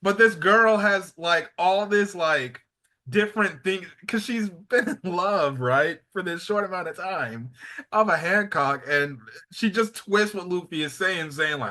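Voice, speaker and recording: A young man giving a casual anime episode review, excitable, slangy and rambling. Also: high-pitched, normal speed.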